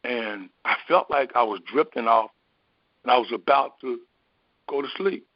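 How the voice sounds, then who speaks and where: A man in the role of a spiritual teacher, telling a personal story in an unhurried, meandering way, often pausing on fillers. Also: mid-range voice, no room sound. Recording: dry, dull lo-fi recording.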